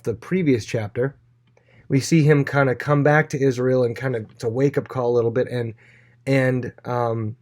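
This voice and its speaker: A man's voice: medium pitch, a little mellow. A man teaching a casual Bible lesson, chatty, with many fillers, acting out quoted lines in playful voices.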